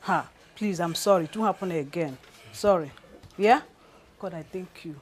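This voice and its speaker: An actress with a Nigerian English accent playing a fussing, apologetic canteen owner who keeps saying sorry. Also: female voice, fairly low pitch, normal speed, breathy edge. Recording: film audio with loud music under.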